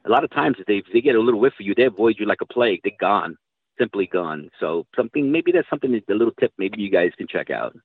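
A man's voice: fairly low pitch, lively intonation, quick pace, husky, no room sound. A middle-aged man telling rambling hunting stories in casual talk, swearing now and then. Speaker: guest hunter telling stories. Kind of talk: casual storytelling. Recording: tinny phone-line audio.

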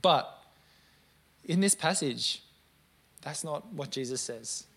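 Lively, somewhat high-voiced young male preacher. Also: a little slow, gravelly. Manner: lively storytelling, self-mocking asides. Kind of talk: sermon. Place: church service before a congregation.

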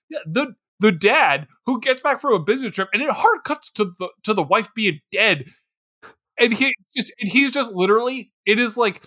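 A young man co-hosting a comedic movie review podcast, riffing casually and acting out silly voices. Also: high-pitched. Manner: animated, acts out silly voices for characters. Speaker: podcast co-host.

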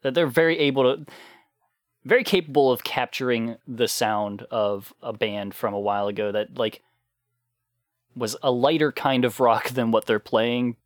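A man's voice: medium pitch, fairly even intonation, normal speed, dry recording, studio quality. A man co-hosting a casual album discussion podcast, laughing often and swearing casually. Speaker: podcast co-host.

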